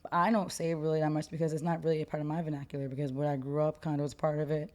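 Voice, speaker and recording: A young woman co-hosting a podcast, talking in an animated, opinionated and slangy way in casual chat. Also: low voice, very fast. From United States. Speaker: podcast co-host.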